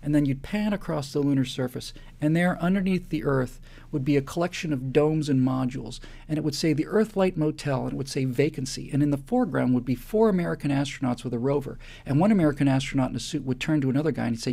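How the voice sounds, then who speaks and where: A man's voice: mid-range voice, fast, gravelly, dark tone. A man hosting a live show, delivering an impassioned monologue that builds into emphatic repetitions.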